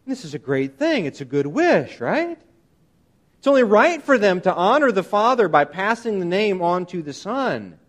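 A man preaching a sermon, emphatic and animated, often asking his listeners rhetorical questions. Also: high voice, normal speed. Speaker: pastor.

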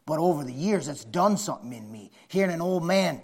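A man's voice: lively intonation, fairly quick, vocal fry, few pauses, breathy edge. A man preaching a sermon, folksy, repeating phrases for emphasis. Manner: builds from low conversational to shouting fervor.

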